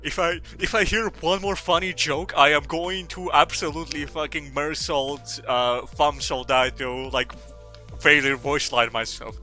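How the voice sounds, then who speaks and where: A man's voice: on the high side, steady tone, unhurried, pushed and bright, soft background music, pitched above the performer's own voice. A man voicing a weary, despairing man at the end of his rope, pleading and exasperated, cursing as he begs. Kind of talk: voicing a game character in a stream.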